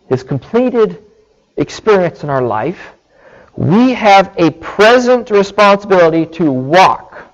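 A man preaching a sermon, explaining scripture slowly and deliberately and checking in with his listeners. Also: a little high, muffled recording. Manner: slow, deliberate teaching with frequent "okay" check-ins.

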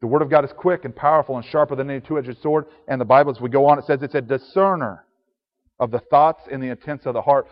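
A man's voice: mid-range voice, steady tone, quick pace. A man preaching a sermon earnestly, reading scripture aloud in old-fashioned biblical wording. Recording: dull sound with long reverb.

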